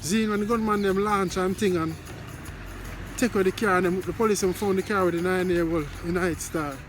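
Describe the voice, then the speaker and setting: Jamaican male vlogger, rambling and repetitive, high-pitched, light music bed. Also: fairly even intonation, brisk. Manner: rambling, repetitive greetings to viewers. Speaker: vlogger commenting on news. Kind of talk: casual spoken commentary.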